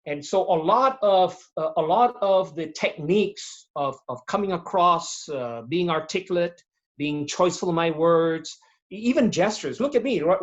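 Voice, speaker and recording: A man speaking as a guest on a video-call webinar, giving practical tips in an animated way, acting out examples as he goes. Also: sits high, muffled recording. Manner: animated, demonstrates tones and voices while explaining. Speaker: guest speaker on presentation skills. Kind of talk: webinar interview answers.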